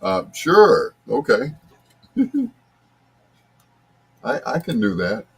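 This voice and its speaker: Late-night love-songs DJ, man, husky and slow, lively ups and downs, easygoing banter with listeners. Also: mid-range voice. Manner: laid-back, chatty, talks to listeners by name. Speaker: radio show host. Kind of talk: late-night radio DJ chat.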